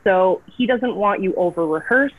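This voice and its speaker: An actress from Canada, a guest telling gushing, enthusiastic stories in a casual interview. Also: female voice, medium pitch, lively intonation, moderate pace, dry recording. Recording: tinny phone-like line, dry.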